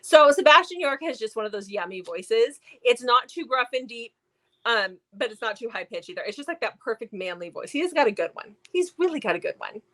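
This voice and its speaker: A woman's voice: a little high, big pitch swings, fairly quick, a bit bright. A woman co-hosting a book review show, chatting casually and animatedly with lots of fillers. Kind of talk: casual chat.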